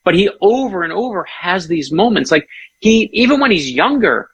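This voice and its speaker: Male author guest, husky and gravelly, keen storyteller in casual talk. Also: high voice, very animated, fairly bright tone. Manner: enthusiastic storyteller, quick asides. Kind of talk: casual chat.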